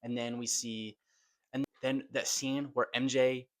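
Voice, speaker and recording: Excitable young man ranting about a movie. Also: mid-range voice, a little slow. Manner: excitable, swears a lot, slangy. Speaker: movie reviewer. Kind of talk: casual movie review rant.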